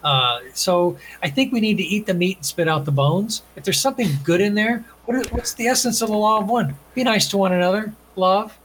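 A man's voice: high-pitched, brisk, hardly any pauses, fairly bright tone, slight background noise, poor audio. A man, an author and guest, talking earnestly and emphatically in a casual conversation.

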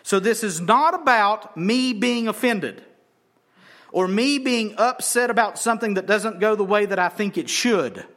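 Emphatic high-voiced male preacher. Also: animated, measured pace, a bit bright. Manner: emphatic, repeats phrases for stress. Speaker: pastor. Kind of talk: expository sermon.

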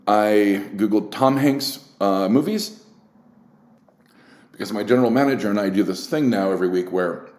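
A man's voice: low voice, reverberant. A man hosting a casual solo podcast, talking candidly and rambling with restarts, swearing often and getting worked up. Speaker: podcast host.

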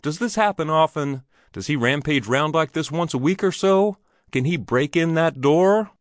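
A man's voice: medium pitch, big pitch swings, unhurried, fairly bright tone, no room sound, clean studio sound. A man voicing a jocular travelling salesman in an old Western story who fires off anxious questions.

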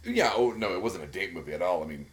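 A man's voice: low-pitched, animated, quick pace. A man co-hosting a podcast, chatting casually in a rambling, profane, enthusiastic way with many fillers. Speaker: podcast co-host. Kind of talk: casual chat.

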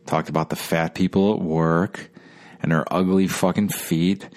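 A man's voice: deep voice, fairly even intonation, measured pace, a little mellow. A tired man hosting a casual solo podcast, rambling and swearing as he complains about his week. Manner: rambling, weary and profane, sighing complaints. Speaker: podcast host.

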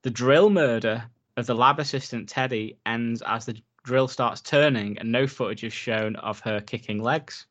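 A relaxed man talking films on a podcast. His voice sits in a middle register, and he rambles loosely with plenty of fillers. He slips into reading notes aloud now and then. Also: medium pitch, normal speed, hardly any pauses, muffled recording. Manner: laid-back, rambling with many "like"s, reads facts aloud. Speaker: podcast co-host. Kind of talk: casual film chat.

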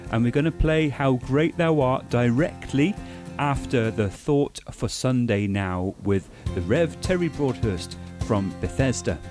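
A man hosting a radio show, chatty and warm as he gives listener dedications. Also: mid-range voice, lively intonation, measured pace. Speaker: radio presenter. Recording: voice over guitar music. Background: guitar music.

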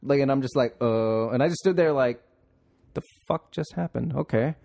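A man's voice: mid-range voice, moderate pace, creaky, warm tone. A young man hosting a podcast, telling a rambling story with frequent swearing and laughter. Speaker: podcast host. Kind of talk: casual podcast chat.

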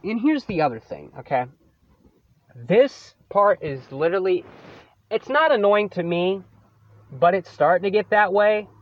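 A man's voice: high-pitched, expressive, a little slow, pauses often, no room sound, dull audio. A man hosting his own podcast, venting about a coworker in a profane, sarcastic solo rant. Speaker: podcast host.

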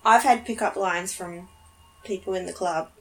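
A woman co-hosts a podcast, chatting casually in a low-leaning, fairly bright voice at a moderate pace. She is giggly and easygoing, laughing readily throughout.

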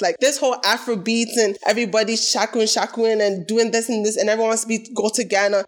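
Emphatic woman arguing her point. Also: on the high side. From Toronto, Canada. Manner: emphatic, opinionated, repeats points for stress. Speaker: podcast panelist. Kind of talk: casual group debate.

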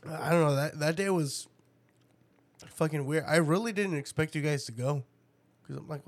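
A man's voice: a little high, fairly even intonation, measured pace, vocal fry. A man telling profane stories in casual chat, laughing often.

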